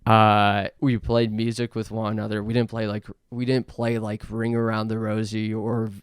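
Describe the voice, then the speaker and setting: A young adult man from Canada hosting a podcast, rambling through an absurd comedic monologue in a deadpan way, with lots of fillers. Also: on the low side, normal speed, smooth, no echo, clean studio sound. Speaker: podcast host.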